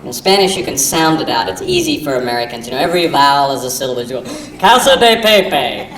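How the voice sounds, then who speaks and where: A man performing a live stand-up routine, mock-earnest and rambling, with sudden loud silly outbursts. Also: mid-range voice, very fast. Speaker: stand-up comedian. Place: live comedy venue with audience. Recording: echoey live recording from a distance with audience noise.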